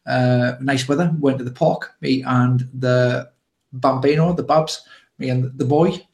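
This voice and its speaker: A man's voice: medium pitch, steady tone, measured pace, gravelly, darkish tone. A man, chatting cheerfully as co-host with many hesitant fillers. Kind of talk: casual livestream chat. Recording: echoey room.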